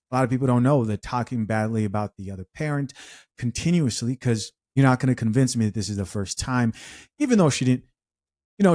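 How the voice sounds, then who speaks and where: A man's voice: mid-range voice, no room sound, clean studio sound. A man hosting a podcast, giving critical, lecturing commentary on video clips. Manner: reads sponsor ad. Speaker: podcast host reacting to clips.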